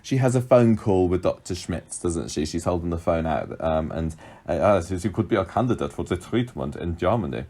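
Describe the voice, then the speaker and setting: A man's voice: low voice, expressive, brisk, warm tone. A man co-hosting a podcast, recapping a soap in casual chat and acting out the characters' lines. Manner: chatty, acts out characters' lines with laughs. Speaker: podcast co-host.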